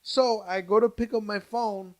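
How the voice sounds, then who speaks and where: A man's voice: sits high, moderate pace. A young adult man co-hosting a podcast, telling a story in casual chat, swearing freely and stumbling over his words. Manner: animated, swears freely, many restarts and fillers. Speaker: podcast co-host.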